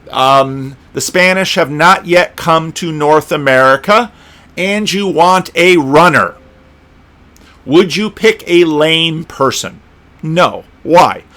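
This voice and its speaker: A middle-aged man delivers a solo spoken commentary in a slightly raised pitch. He thinks out loud, wandering through examples and restarting sentences in a loose, conversational way. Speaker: pastor and video commentator.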